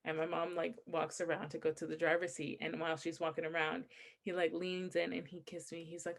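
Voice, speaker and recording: A young adult woman in relaxed conversation with a friend. She tells stories with energy, laughing often and acting out what people said. Her voice jumps up for punchlines and drops low for confessions. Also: brisk, vocal fry. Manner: animated storytelling, laughs often, acts out quotes. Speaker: podcast co-host. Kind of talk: casual chat.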